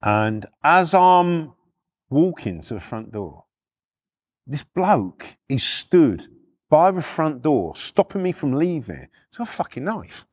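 A man's voice: a little high, takes it slowly. A middle-aged man, a former repossession agent, telling blunt, sweary stories in a casual way. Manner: blunt, sweary, animated retelling. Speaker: former repo man storyteller. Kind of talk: casual storytelling.

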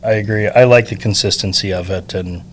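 A middle-aged man hosts a casual interview, friendly and talkative, often breaking in with quick agreeing words. His voice is fairly low, with a faint noise bed behind it. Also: steady tone. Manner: chatty, agreeable, many short backchannels.

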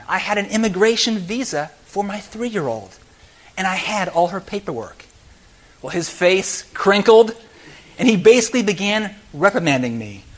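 A middle-aged pastor preaches in a church, his fairly high voice leaping up and down as he tells a story. He swings between loud exclamations and near-hushed confession. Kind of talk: sermon. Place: church sanctuary.

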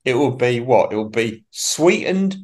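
Animated English man in his sixties. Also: mid-range voice, unhurried. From England. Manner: animated, jokey storyteller. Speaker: podcast co-host. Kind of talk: casual chat.

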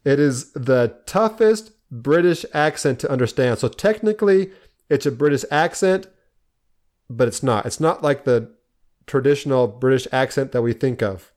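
A man's voice: medium pitch, lively intonation, moderate pace, darkish tone. A man co-hosting a casual podcast, sharing movie trivia with enthusiasm and frequent laughter. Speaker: podcast co-host.

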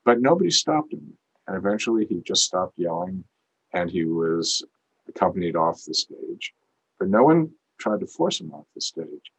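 Podcast co-host, male, deep husky voice, earnest and reflective. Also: big pitch swings, normal speed, low-quality recording. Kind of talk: casual conversation.

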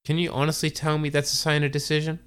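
A man's voice: on the high side, completely flat delivery, quick pace, fairly bright tone, clean tone, pitched above the performer's own voice, lightly acted. A man voicing a young man's smug, scheming evil alter ego, speaking in a slightly raised, needling way.

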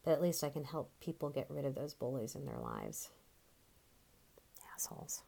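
A woman performing a theatrical monologue, telling a story in a conversational, animated way with casual swearing. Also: extremely low pitch, normal speed, gravelly, husky.

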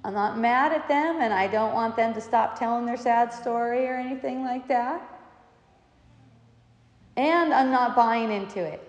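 A woman with a fairly high voice talks loosely and warmly through personal stories, laughing often as she goes. Her voice rings in a roomy space with a long trailing reverb. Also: measured pace, lo-fi sound. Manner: laughing often, meandering storytelling. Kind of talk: casual spiritual talk. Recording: echoey room with long reverb.

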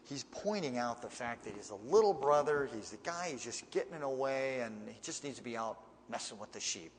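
A man's voice: mid-range voice, big-room sound, slight background noise. A man reading Bible verses and explaining them in a plain, conversational way. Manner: conversational, plain-spoken asides between readings. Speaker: preacher teaching a Bible passage.

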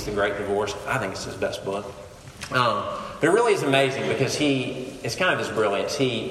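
Male preacher, sermon, conversational and animated, big echoing hall, faint background noise. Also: fairly low pitch. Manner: animated, conversational preaching with sudden quiet drops.

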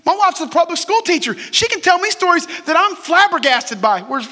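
High-voiced bright pastor in a reverberant hall. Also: male voice, big pitch swings, moderate pace. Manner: conversational, asks the crowd questions and jokes. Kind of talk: sermon. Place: church sanctuary.

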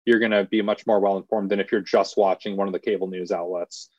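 A journalist guest in a casual interview, a man explaining his views in a measured way. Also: low voice, flat delivery, no room sound, muffled recording.

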